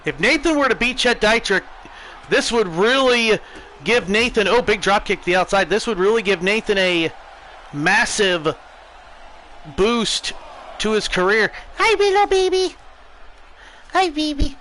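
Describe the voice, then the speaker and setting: An American man streaming a wrestling video game, giving excitable play-by-play commentary. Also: sits high, measured pace, pauses often, slight background noise, poor audio. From United States.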